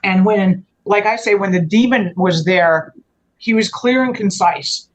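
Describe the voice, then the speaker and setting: A woman with a mid-range, unhurried voice, heard on a rough recording, is a guest on the show. She tells a long personal story in an earnest, conversational way, rambling and often restarting or correcting herself.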